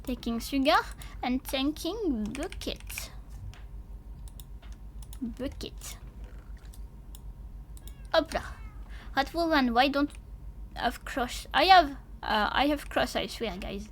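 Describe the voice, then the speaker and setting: A woman with a French accent and French as her first language, streaming a game and chatting to viewers, excitable and quick to yelp and swear. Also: sits high. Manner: excitable, bursts into yelps and swearing. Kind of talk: gameplay livestream commentary.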